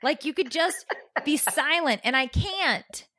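A woman in her forties chatting casually as a co-host, animated and acting out the voices in her stories. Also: sits high, a little slow, no echo, studio quality. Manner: animated storyteller, acts out voices. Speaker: podcast co-host. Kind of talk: casual chat.

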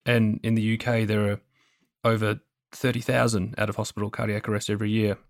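A man hosting a podcast, asking calm, steady questions. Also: on the low side, fairly quick, no echo, clean studio sound. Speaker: podcast host. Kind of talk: interview questions.

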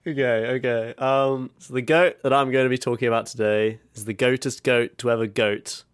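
A man's voice: medium pitch, steady tone, fairly quick, smooth, no echo, clean studio sound. A man co-hosting a comedy podcast, telling a story in a mock-grand way and swearing as he laughs. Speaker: co-host. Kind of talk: comic podcast chat.

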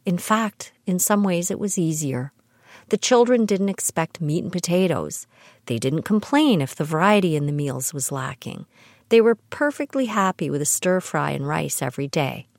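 Brief: middle-aged woman from Canada, lowish voice, dry close sound, reads wry family stories. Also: expressive, normal speed, creaky, dry recording. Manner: dry, wry humor with laughs. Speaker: podcast host. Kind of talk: scripted personal storytelling.

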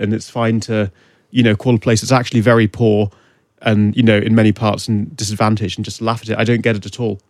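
A man's voice: mid-range voice, dry recording. Earnest male columnist, dry studio sound. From Newcastle. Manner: earnest, indignant. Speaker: columnist guest. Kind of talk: radio panel discussion. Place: radio studio.

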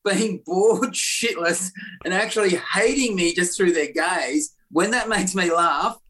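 A man's voice: high voice, measured pace, fairly bright tone. A man, a comedian swapping bawdy stories in casual chat and laughing often.

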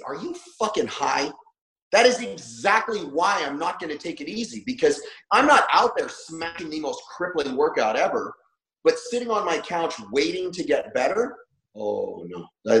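A man guesting on a podcast, telling a personal story bluntly and emphatically, swearing freely. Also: a little high. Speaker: podcast guest, trainer and coach. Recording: roomy echo.

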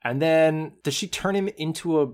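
A slightly high-voiced man recaps a film with his co-hosts in a casual podcast chat. He keeps it animated and acts out bits of dialogue as he goes. It sounds like an easygoing talk between friends. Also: normal speed. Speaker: podcast co-host.

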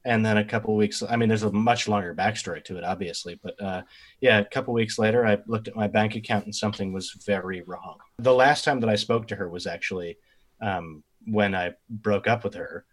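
A man from Long Island answering as a podcast guest with a lowish voice. He hesitates and starts his answers over, padding them with fillers and light laughs. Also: a little fast. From Long Island, New York. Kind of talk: casual interview chat.

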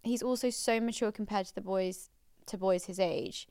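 A woman's voice: medium pitch, fairly even intonation, normal speed, a little mellow, clean tone, no room sound, studio quality. A young woman co-hosting a podcast, chatting casually and reading out listener letters in a gushing, laugh-prone way. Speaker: podcast co-host.

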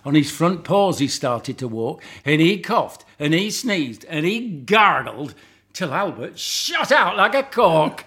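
An older man from southern England, an actor guest, reciting a comic monologue and chatting in a lively storytelling way. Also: on the high side, slow.

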